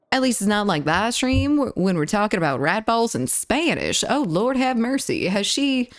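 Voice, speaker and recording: A woman livestreamer with a Deep South US accent chats casually on a live stream, greeting viewers, reading chat aloud and giggling. The recording is dry and studio quality.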